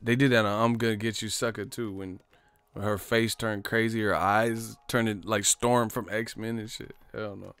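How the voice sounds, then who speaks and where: A man hosting a casual live stream, rambling and swearing, laughing often and acting out movie lines in loud, high voices. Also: fairly even intonation, normal speed, smooth, no room sound.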